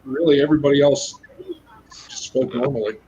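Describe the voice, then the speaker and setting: A man's voice: mid-range voice, a little fast, warm tone, a little hiss or hum, poor audio. A man chatting casually as a guest on a livestream panel, joking and enthusiastic. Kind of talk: casual chat.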